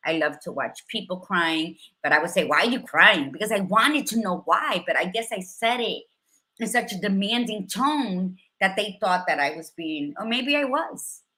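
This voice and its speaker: A woman in her fifties hosts a candid talk show with a bright, forceful tone. She talks openly and emotionally, then turns motivational with a lowish voice. Now and then she a phrase. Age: 50s. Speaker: host. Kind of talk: casual chat.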